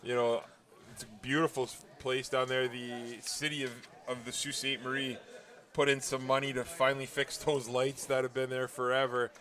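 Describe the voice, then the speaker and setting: A man calls a local football game in a relaxed, chatty way. He laughs easily and picks up speed when a play breaks open. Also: medium pitch, moderate pace. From Northern Ontario. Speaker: color commentator. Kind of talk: live football commentary.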